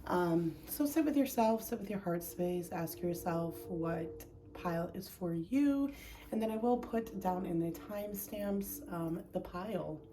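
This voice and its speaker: A chatty woman talks through a casual tarot reading at home, her voice a little low for a woman and a touch breathless. She rambles easily, dropping plenty of ums along the way. A faint hiss of room noise sits under her. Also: unhurried, mellow. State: a bit out of breath. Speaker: tarot reader. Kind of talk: casual pick-a-card tarot vlog. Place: home, indoors.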